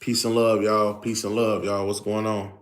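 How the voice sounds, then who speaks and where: A man's voice: lowish voice, flat delivery, normal speed. A man hosting a casual livestream, greeting viewers over and over and explaining things in a loose, filler-heavy way. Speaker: livestream host.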